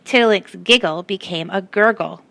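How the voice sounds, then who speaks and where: A woman's voice: mid-range voice, moderate pace, creaky, bright, forceful tone, no room sound. A woman reading a picture book aloud to children and stopping to ask them questions. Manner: asks the listeners questions. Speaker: storyteller.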